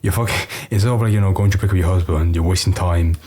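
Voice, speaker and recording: British male co-host, deep and dark, hoarse and husky, blunt and casual. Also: quick pace. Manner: blunt, casual, filler-heavy. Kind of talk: reaction commentary.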